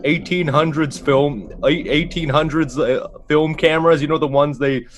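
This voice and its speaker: A woman's voice: deep voice, steady tone, moderate pace, slight background noise. A woman playing a tabletop role-playing game, chatty and goofy, rambling as she describes her character's actions. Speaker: player.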